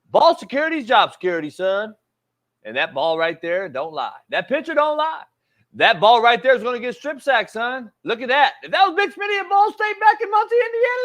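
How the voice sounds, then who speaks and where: A man voicing a loud, fired-up male football coach who lectures and calls everyone "son". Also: very high voice. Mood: lecturing. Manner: shouting, preachy, repeats "son". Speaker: show host. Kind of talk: put-on voice in a podcast film breakdown.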